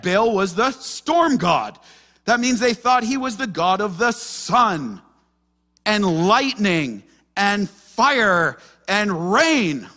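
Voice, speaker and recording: A man preaching an expository sermon as pastor, animated and acting out the voices in the story. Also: high voice. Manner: animated, acts out quoted voices.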